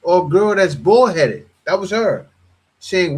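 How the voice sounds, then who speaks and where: A man's voice: high voice, big pitch swings, a little slow, a little hiss or hum. A man hosting a casual reaction commentary, talking bluntly and animatedly, often repeating himself. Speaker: commentary host.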